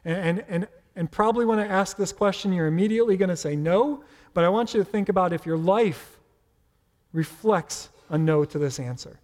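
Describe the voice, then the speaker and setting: Man preaching, high voice, hall echo. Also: moderate pace, a little mellow. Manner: conversational, playful preaching with asides. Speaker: pastor. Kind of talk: sermon. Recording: reverberant hall.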